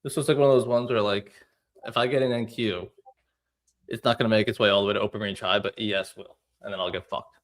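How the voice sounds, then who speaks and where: Male host, lower register, relaxed explainer of trade setups, casual live-stream banter. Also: quick pace. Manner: explains chart setups step by step. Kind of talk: casual trading chat.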